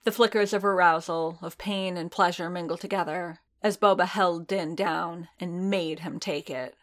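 A woman reading a piece of fan fiction aloud in steady, measured storytelling. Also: fairly low pitch. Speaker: audiobook narrator.

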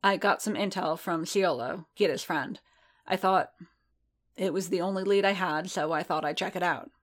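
A woman's voice: lowish voice, normal speed, close to an everyday voice. A woman reading as an earnest male warrior.

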